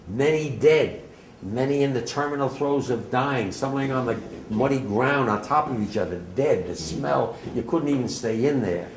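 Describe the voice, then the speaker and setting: A man in his eighties from New Jersey gives an emotional eyewitness account to an audience, halting and at times swelling almost to a shout. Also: medium pitch, roomy sound, slight background noise, rough recording. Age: 80s. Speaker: war veteran speaker.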